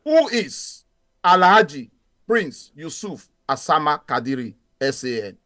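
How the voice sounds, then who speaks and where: A man co-hosting a video-call meeting, upbeat and formal. His voice is high and bright, and the sound is dry. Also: big pitch swings, measured pace, dry recording. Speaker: co-host. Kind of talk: online meeting moderation.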